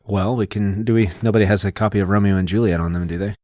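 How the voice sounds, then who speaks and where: A man's voice: lowish voice, fairly even intonation, fast, dark tone, dry recording, clean studio sound. A man co-hosting a podcast, patiently explaining things in a casual, lecturing way. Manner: lecturing, patient, detail-heavy. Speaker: podcast co-host.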